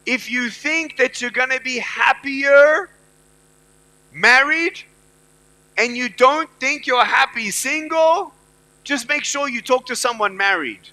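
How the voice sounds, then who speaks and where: A man in his thirties giving an inspirational speech to a live audience. He talks emphatically, repeats lines to the crowd, and swings between loud bursts and hushed storytelling. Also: very high-pitched, slow. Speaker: motivational speaker.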